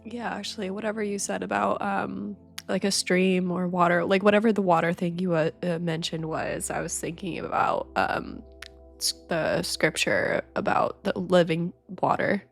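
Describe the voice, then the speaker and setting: A woman podcast host talking through grief, tearful and halting, with many fillers, over soft background music. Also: on the low side, creaky. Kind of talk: emotional personal talk.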